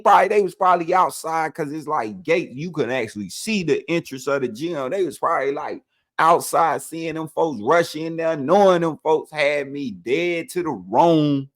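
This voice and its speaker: A man telling his own prison story in a casual, animated way, dropping "man" after nearly every phrase. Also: on the high side, moderate pace.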